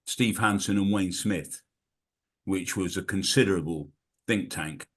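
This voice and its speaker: A man on a rugby podcast panel making a point in a measured, unhurried way. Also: low voice. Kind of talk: podcast discussion.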